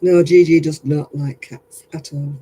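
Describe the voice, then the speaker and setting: A man's voice: on the high side, flat delivery, a little slow, warm tone, breathy edge, poor audio. A tired man, chatting casually with livestream viewers as he crafts, rambling and often laughing. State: tired, yawning.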